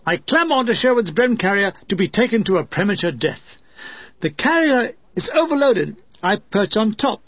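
Wry, high-voiced man reading a memoir. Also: sing-song, normal speed, slightly rough, no echo, muffled recording. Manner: wry, lyrical. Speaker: narrator reading his own war memoir. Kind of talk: audiobook reading with comic asides.

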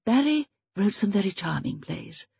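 A woman's voice: medium pitch, big pitch swings, normal speed, gravelly, warm tone, slightly rough, no echo, muffled recording, voice pushed up, heavily acted. Woman reading as a prim elderly spinster sleuth. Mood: musing. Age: older. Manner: prim, thoughtful, murmuring.

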